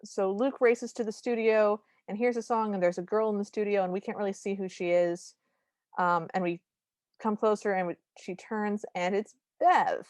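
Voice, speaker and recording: A woman's voice: mid-range voice, fairly even intonation, moderate pace, darkish tone, dry recording, clean studio sound. A woman co-hosting a podcast, recapping a movie in casual chat with wry, humorous asides. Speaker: podcast co-host.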